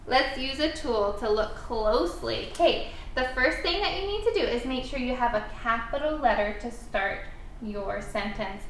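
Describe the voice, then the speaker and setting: A woman teacher with a high, bouncy voice that swoops up and down as she coaches a young child letter by letter. She sounds encouraging and animated, recorded from a little way off in an echoey room. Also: normal speed, a little hiss or hum. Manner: animated, encouraging, step-by-step prompting. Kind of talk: guided writing lesson for a young child. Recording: echoey room, mic at a distance.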